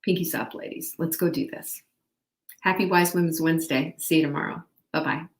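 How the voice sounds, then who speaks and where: A woman's voice: low voice, fairly even intonation, brisk, reverberant. A woman hosting a live show, coaching her viewers in an upbeat, direct way. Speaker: host. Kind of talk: motivational live show talk.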